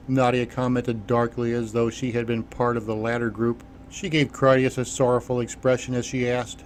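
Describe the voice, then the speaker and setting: A man's voice: mid-range voice, flat delivery, moderate pace. Give me a man narrating an action audiobook steadily, with faint noise behind.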